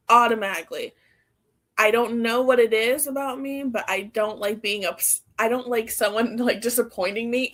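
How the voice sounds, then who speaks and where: A woman's voice: a little high, a bit bright. A young woman co-hosting a podcast, chatting casually and laughing often between her sentences. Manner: laughs often while talking, lots of "like". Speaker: podcast co-host. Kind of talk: casual chat.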